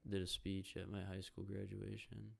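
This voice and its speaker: Gravelly low-voiced young man ranting. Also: completely flat delivery, normal speed. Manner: profane, rambling, jokey, reacts out loud to the game. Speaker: podcast host. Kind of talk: casual solo podcast rambling while watching hockey.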